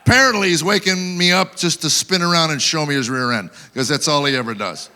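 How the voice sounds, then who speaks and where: A man's voice: a little high, fairly quick, sharp tone, smooth. A man performing a live stand-up routine at an awards show, telling wry stories and acting out voices for the punchlines. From Tennessee, USA. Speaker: stand-up comedian.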